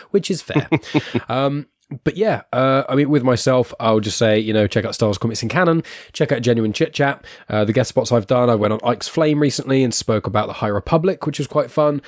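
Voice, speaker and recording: A man hosting a casual podcast in a friendly, upbeat way, laughing easily between thoughts. His voice sits on the low side and the sound is dry and close, with no room around it. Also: no room sound. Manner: chatty, upbeat, laughs often. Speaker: podcast host.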